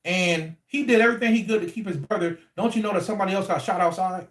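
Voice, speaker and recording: A man telling a story casually to his livestream audience in an animated, slangy, repetitive way. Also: sits high, quick pace. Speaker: livestream host. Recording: echoey room.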